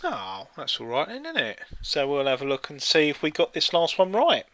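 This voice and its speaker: A man's voice: on the high side, wildly swooping pitch, moderate pace, a bit bright, no room sound. A man co-hosting a live stream, trading playful, giggly banter. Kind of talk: casual chat.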